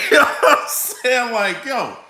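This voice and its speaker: Vlogger man, high bright voice, animated rant with laughs, echoey room. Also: slow pace. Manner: animated, laughing, street slang. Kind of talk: casual rant to camera.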